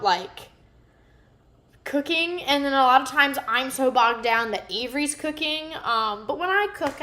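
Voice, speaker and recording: A woman's voice: sits high, pushed and bright, echoey room. A goofy, rambling woman, chatting casually with viewers while cooking live in her home kitchen.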